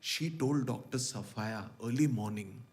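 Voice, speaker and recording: A man's voice: mid-range voice, unhurried. A middle-aged man, telling personal memories to a devotional gathering and acting out the dialogue he quotes. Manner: animated storyteller, acts out quoted dialogue. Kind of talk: storytelling talk.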